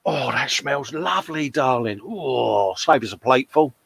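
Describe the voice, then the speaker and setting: A man's voice: medium pitch, animated, unhurried, gravelly, a bit bright, breathy edge, dry recording. A man co-hosting a casual live stream, reading chat comments aloud, joking and calling people mate. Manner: chatty, laughing, calls people mate.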